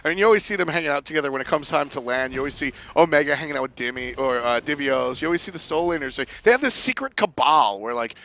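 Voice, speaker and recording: Bright-voiced male color commentator. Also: on the high side, expressive, rapid-fire, hardly any pauses. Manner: analytical, laughs easily. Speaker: esports caster.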